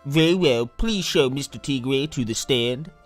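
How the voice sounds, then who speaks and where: A man's voice: medium pitch, animated, unhurried, faint music behind, natural voice. A man voicing a timid, bumbling elderly male judge in a fan game dub, stammering and fussy. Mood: formal.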